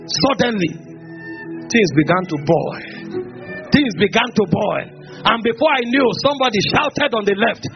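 A man preaching a sermon as a pastor, telling a story and breaking into shouts and tongues. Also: high voice, animated, normal speed, creaky, pauses often. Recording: dull lo-fi sermon recording with music.

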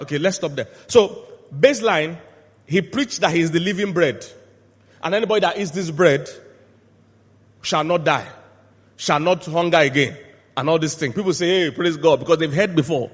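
A male pastor preaching a sermon, asking the congregation to finish his lines and swinging from quiet asides to loud shouted peaks. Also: a little high, slightly rough. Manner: call-and-response questions to the congregation. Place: church hall. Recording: long hall reverb.

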